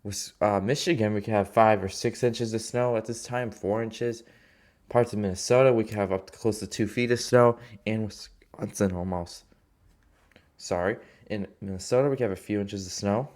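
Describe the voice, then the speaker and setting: Halting low-voiced man reading weather maps. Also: steady tone, a little mellow. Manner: rambling, halting, many fillers and restarts. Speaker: amateur weather forecaster. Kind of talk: casual weather map walkthrough.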